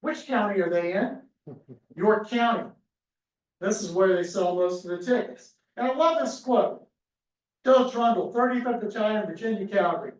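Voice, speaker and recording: High-voiced man giving a lively history talk. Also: moderate pace. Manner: storytelling, acts out crowd cries. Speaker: history speaker. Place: lecture room. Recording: echoey room from far off.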